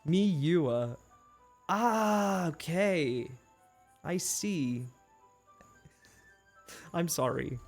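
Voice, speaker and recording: Giggly, excitable man streaming a game. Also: fairly high pitch, extremely slow, long pauses, faint music behind. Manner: giggly, excitable, laughs often; stammering, restarts words when flustered. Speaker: livestreamer. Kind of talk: casual live-stream chat, reading chat aloud.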